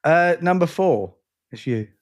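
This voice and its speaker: An English podcast co-host, sounding tired, rambles casually and runs himself down. His slightly high voice has lively intonation and an unhurried pace, and his accent blends London with educated English.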